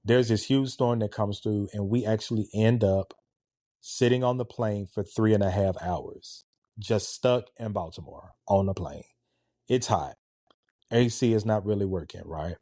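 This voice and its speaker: A man in his forties casually telling a story in an animated, conversational way. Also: on the low side, unhurried, no echo, studio quality. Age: 40s. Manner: animated, conversational, with a laid-back, relaxed tone.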